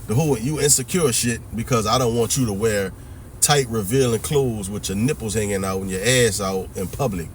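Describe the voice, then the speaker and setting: A man's voice: fairly low pitch, moderate pace, slight background noise. A man giving a ranting, preachy commentary monologue that mixes in profanity and keeps asking whether the listener hears him. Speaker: religious commentary vlogger.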